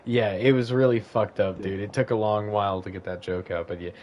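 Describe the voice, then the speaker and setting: A man's voice: lowish voice, fairly even intonation, fairly quick, highs cut off. A man telling a long, crude anecdote on a casual podcast, rambling, swearing often and losing his thread. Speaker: podcast co-host. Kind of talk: casual storytelling.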